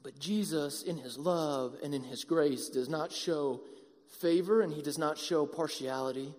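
A man preaching a sermon as pastor, animated and acting out the voices of a crowd. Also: a little high, unhurried. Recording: long hall reverb.

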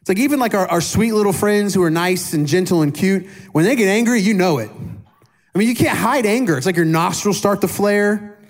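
A pastor in his thirties gives a relaxed, conversational sermon with a voice pitched a little high. He keeps turning to his congregation with questions and pokes fun at himself. His delivery is lively and informal. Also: fairly quick. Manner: casual and animated, questions the congregation; self-deprecating humor.

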